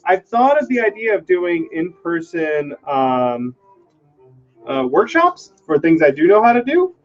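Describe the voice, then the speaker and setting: A man's voice: high-pitched, very animated, a little slow, muffled recording. A man hosting a live stream from his home workshop, casually talking through his work, thinking aloud and joking about himself. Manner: chatty, self-deprecating, thinking aloud while working.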